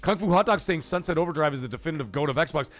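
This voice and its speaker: A man's voice: on the high side, lively intonation, rapid-fire, a bit bright, soft background music. A man hosting a casual live stream, talking animatedly, swearing freely and reading viewer messages aloud. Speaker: livestream host.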